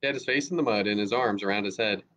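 A man's voice: fairly low pitch, quick pace, fairly bright tone. A male teacher reading a novel aloud steadily, with small slips now and then. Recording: dull lo-fi recording with faint hiss.

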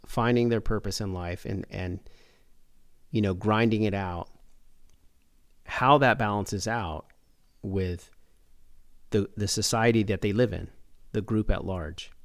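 A man's voice: fairly low pitch, fairly even intonation, slow pace, pauses often, no room sound, clean studio sound. A man hosting a podcast in a casual, thoughtful way, rambling a little and restarting his sentences. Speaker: podcast host.

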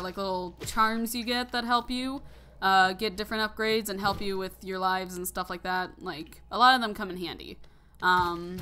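A young woman giving casual, rambling gameplay commentary, full of fillers and quick laughs. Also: mid-range voice, bright, forceful tone. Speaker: let's play commentator.

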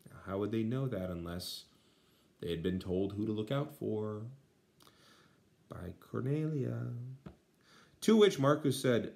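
Man teacher, translating a text aloud, lots of fillers, low voice. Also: sing-song, takes it slowly, creaky, long pauses, a little mellow. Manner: many uh fillers, dry asides. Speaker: Latin teacher.

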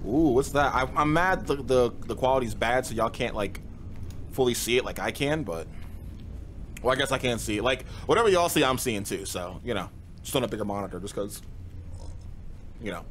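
A man's voice: medium pitch, animated, a little fast, pauses often, fairly bright tone, slight background noise. A young man doing casual gaming commentary, jumpy and slangy, yelping and laughing at scares as he plays. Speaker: gaming streamer. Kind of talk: casual let's-play commentary. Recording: game music playing behind.

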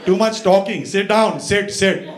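A man voicing an impatient, gruff old male barber who barks short, repeated commands. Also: high-pitched, a little slow, pitched above the performer's own voice. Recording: echoey room, audience laughter.

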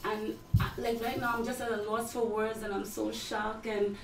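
A woman's voice: a little high, little pitch movement, gravelly. Emotional mother, echoey and distant. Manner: emotional, halting, repeats words. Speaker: mother of a fan. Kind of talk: emotional live-stream conversation. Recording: echoey room from far off.

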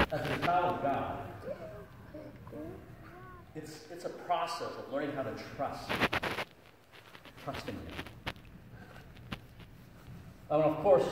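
Jokey middle-aged pastor in an echoey hall. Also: male voice, medium pitch. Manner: jokey, animated storyteller. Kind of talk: storytelling talk to children. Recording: echoey hall from far off, background noise.

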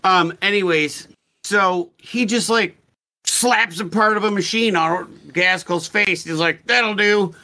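A man with a fairly high, bright and forceful voice chats casually as a podcast co-host. He rambles, swears freely and cuts himself off mid-thought. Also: measured pace. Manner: rambling, profane, self-interrupting. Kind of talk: casual book discussion.

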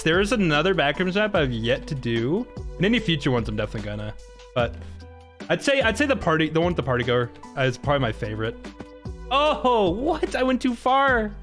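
A man's voice: on the high side, fairly bright tone. Young guy streaming, laughs a lot, voice jumps all over, little music behind. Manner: laughs often, exclaims at chat. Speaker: gaming streamer. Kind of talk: casual live-stream commentary.

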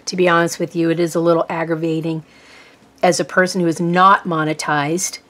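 A rambling, chatty woman talks while she paints, with a Norfolk, Virginia accent. Her voice sits fairly low for a woman, and she sounds a little tired as she pokes fun at herself. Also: flat delivery, brisk, fairly bright tone. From Texas. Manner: rambling, chatty, self-deprecating. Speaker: art vlogger. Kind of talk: casual chat while painting.

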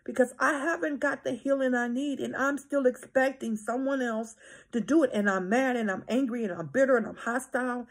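A woman's voice: fairly high pitch, brisk. A woman minister and counselor giving a preaching-style talk, emphatic, repeating her phrases and often checking in with "right?".

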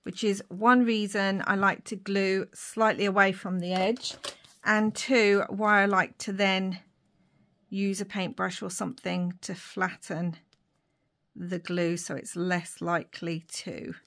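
A woman making a papercraft tutorial at her craft desk, thinking aloud as she works, with fillers and soft whispered asides. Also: mid-range voice, flat delivery, slow pace. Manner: drops to soft whispers between remarks. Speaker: papercraft vlogger.

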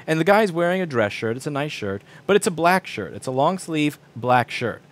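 A man's voice: a little high, sing-song, moderate pace. A man in his thirties, a repair shop owner, ranting casually to camera, profane, acting out quoted people in shifting voices.

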